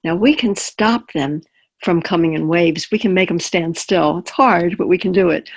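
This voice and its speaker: A woman's voice: on the low side, moderate pace, slightly rough. A woman palliative care chaplain giving a webinar talk in a conversational way, using personal examples and often checking in with her listeners.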